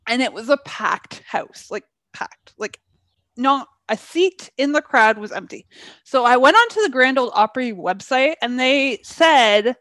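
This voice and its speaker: Breezy young woman with a fairly high voice, recorded close and dry with no room sound. She laughs often and chats casually on a podcast, stopping to put things in context. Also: lively intonation, unhurried, a bit bright, no room sound. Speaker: podcast co-host. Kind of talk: casual chat.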